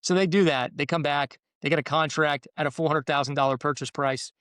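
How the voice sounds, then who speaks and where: A man's voice: fairly high pitch, steady tone, a little fast, a bit bright, smooth, no room sound, studio quality. A man in the mortgage business explaining home deals in casual podcast chat, rambling with restarts. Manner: rambling, restarts, acts out buyer and seller quotes. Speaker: mortgage professional.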